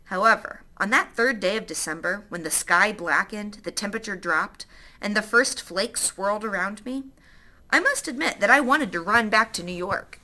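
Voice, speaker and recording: A woman's voice: mid-range voice, bright, forceful tone. A woman reading a children's novel aloud, stopping now and then to explain words to young listeners.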